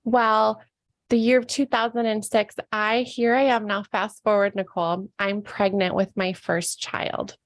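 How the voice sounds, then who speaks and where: A woman's voice: mid-range voice, little pitch movement, unhurried, no room sound. A woman in her thirties, a podcast guest, telling a personal caregiving story in casual chat, emotional and laughing through tears.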